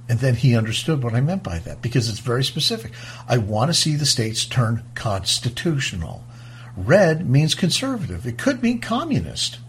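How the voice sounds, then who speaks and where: A man hosting a talk show, speaking in a fast-paced, emphatic way and often restarting his words. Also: high voice, sing-song, husky. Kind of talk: casual talk-show monologue.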